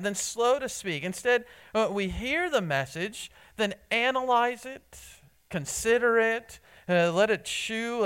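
A man preaching a sermon in church, earnest, often restarting his words and swinging between loud emphasis and soft asides. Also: on the high side, smooth. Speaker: pastor.

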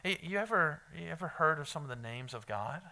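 A man preaching a sermon in a high, bright and clear voice. He speaks earnestly and repeats his key points for emphasis. He talks directly to the people listening to him. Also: animated, fairly quick. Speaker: pastor.

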